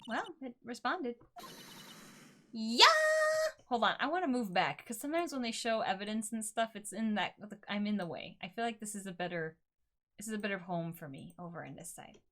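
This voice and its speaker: A woman's voice: mid-range voice, expressive, a little fast, a bit bright, slight background noise. A young woman streamer chatting playfully and thinking aloud as she plays a story game. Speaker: gaming streamer. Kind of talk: casual let's play commentary.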